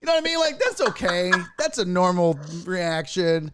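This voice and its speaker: A man's voice: high voice, moderate pace, background noise. A man hosting a sports talk show, telling stories in casual chat, acting out quotes and swearing freely. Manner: animated storyteller, acts out quotes, swears freely. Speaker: show host.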